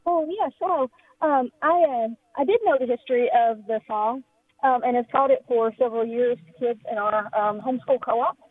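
A woman's voice: on the high side, normal speed, no echo. A woman from Tennessee calling in as a homeschool teacher, explaining things hesitantly with many fillers. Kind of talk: phone-in call. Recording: tinny phone line.

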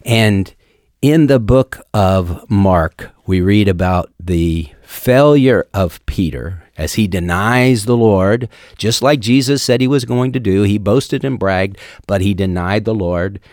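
A man preaching a sermon, telling the story in an earnest way and slowing down on the words he stresses. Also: fairly low pitch, darkish tone, no echo, clean studio sound. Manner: earnest, storytelling delivery with slow emphatic stretches.

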